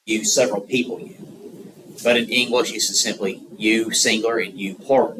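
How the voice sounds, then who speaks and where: A man with a Southern American drawl talks his way through a geography lesson, often pausing on fillers as he gathers his thoughts. His voice sits on the low side. He is recorded from some distance, with steady background noise under the speech. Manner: rambling, many filler pauses. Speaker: lecturer. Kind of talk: unscripted geography lecture.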